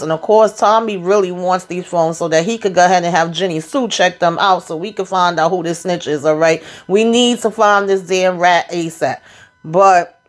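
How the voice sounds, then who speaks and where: A woman giving a sassy, animated recap of a TV episode in casual chat, acting out the characters' lines in AAVE. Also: on the low side. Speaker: show recap reviewer.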